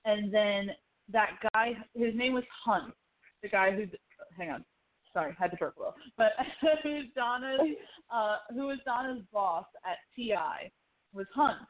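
Excitable woman on a tinny line. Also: mid-range voice, measured pace. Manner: excitable, swearing, laughing asides. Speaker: podcast co-host. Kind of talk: casual TV recap chat.

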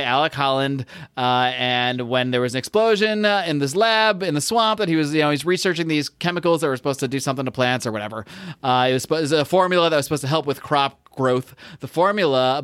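A man's voice: fairly high pitch, a bit bright, smooth, no echo, studio quality. An American man co-hosting a podcast, chatting casually and rambling, correcting himself and laughing often. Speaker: podcast co-host. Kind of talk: casual comic book podcast chat.

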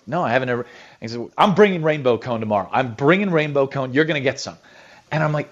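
A radio host telling a casual anecdote, an animated storyteller with frequent restarts, heard on a radio clip. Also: male voice, medium pitch, fairly quick, lo-fi sound.

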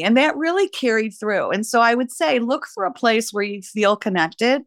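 A woman's voice: a little high, lively intonation, moderate pace, few pauses, no room sound. Emotional older woman, dry close sound. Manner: warm, emotional, laughs easily. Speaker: retired teacher, podcast guest. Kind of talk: reflective interview conversation.

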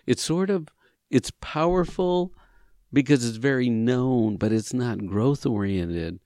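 Taking his time, a mid-range male voice explains ideas in a conversational way on a talk show, recorded as clean studio sound with no room sound. He leads men's retreats, and he's animated, acting out dialogues, rising in emphasis and hammering points by repeating them.

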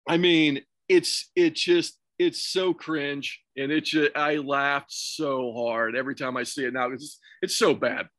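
A man's voice: on the high side, fairly even intonation, measured pace, few pauses, fairly bright tone, no room sound. A man on a podcast, chatting casually and laughing as he recounts old wrestling shows. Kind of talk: casual chat.

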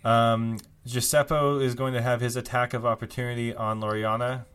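A male game master narrates the action of a tabletop game. His voice is bright and forward, of middle pitch. He talks loosely, with plenty of ums and uhs. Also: normal speed, clear, resonant tone. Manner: relaxed, filler-heavy narration.

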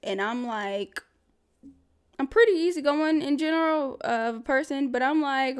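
A woman with a high-pitched voice hosts a casual solo podcast at a moderate pace, talking candidly through life advice. She's chatty, full of fillers, asides, and frequent laughs.

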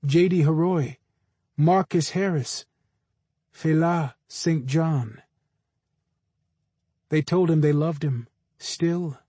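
Slow, measured male audiobook narrator. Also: fairly high pitch, dark tone, no room sound. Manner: measured, unhurried storytelling. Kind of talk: scripted narration.

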